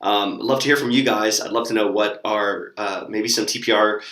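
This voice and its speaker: A man's voice: lowish voice, normal speed, reverberant. A young man casually sharing tips for teaching online classes, with lots of ums and demonstrated words. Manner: relaxed, lots of fillers, demonstrates words with gestures.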